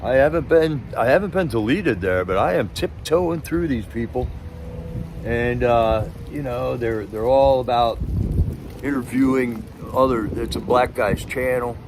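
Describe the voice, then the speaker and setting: A man's voice: mid-range voice, unhurried, background noise. A man hosting a live stream, chatting casually in a rambling, sarcastic way with many restarts.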